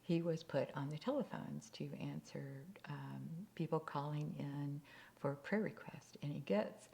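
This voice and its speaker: Low, gravelly woman telling stories. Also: warm tone. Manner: drops into whispered asides, halting restarts. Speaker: speaker. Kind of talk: storytelling talk on faith.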